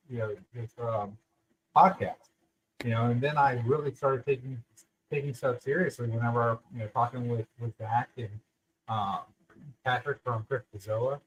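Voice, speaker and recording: A man co-hosting a podcast, speaking in a halting, rambling way with many fillers. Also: medium pitch, poor audio. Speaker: podcast co-host. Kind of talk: casual podcast chat.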